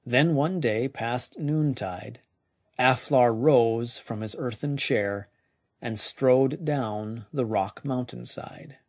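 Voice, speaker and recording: Gravelly guy reading a dark old story real slow, dry close sound. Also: medium pitch, no room sound. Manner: measured, dropping to near whispers. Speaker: narrator. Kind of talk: slow scripted story narration.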